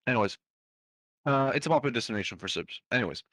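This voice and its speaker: A man's voice: medium pitch, lively intonation, fast, a bit bright, dry recording. A young man telling a long story on a podcast in a loose, rambling way, with lots of fillers and casual swearing. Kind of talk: casual storytelling among friends.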